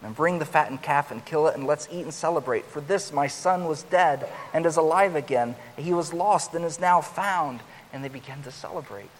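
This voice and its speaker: A man preaching a sermon, growing louder and higher as he acts out the older son's complaint. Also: normal speed, few pauses. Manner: rises loud and high when acting out the older son's complaint. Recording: long hall reverb with faint hiss.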